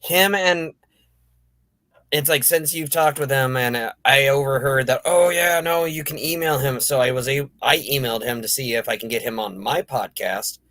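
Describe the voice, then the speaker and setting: A man's voice: medium pitch, sharp tone, dry recording. A man who runs a podcast, chatting casually and hesitantly, with frequent restarts. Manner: hesitant, full of fillers and restarts. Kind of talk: casual chat.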